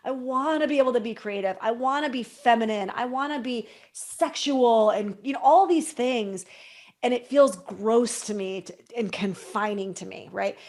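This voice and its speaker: A woman's voice: fairly high pitch, normal speed, darkish tone. A woman hosting a podcast in casual chat, reflective and talking in long flowing thoughts. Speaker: podcast host.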